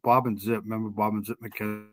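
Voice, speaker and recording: A man's voice: on the low side, little pitch movement, fast. A man with a New England accent hosting a casual true crime livestream, rambling with many ums and restarts. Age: older.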